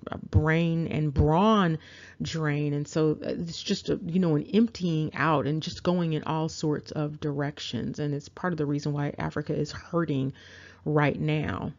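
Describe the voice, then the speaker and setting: A woman giving a measured, explanatory lecture over a map, with frequent fillers. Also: deep voice, darkish tone. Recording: dull lo-fi audio.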